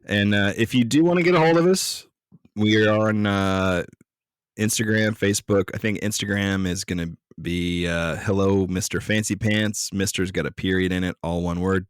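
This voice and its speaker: A man with a lowish voice co-hosts a podcast, laid-back and full of "uh"s as he signs off. The recording is dry and close. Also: moderate pace, clear, resonant tone, dry recording. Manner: laid-back, filler-heavy. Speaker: podcast co-host. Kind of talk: casual chat.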